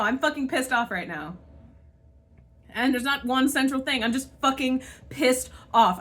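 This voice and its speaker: A woman with a slightly high, somewhat bright voice airs her frustrations in a solo rant on her spiritual channel. She swears a lot and sighs as she moves from one thought to the next.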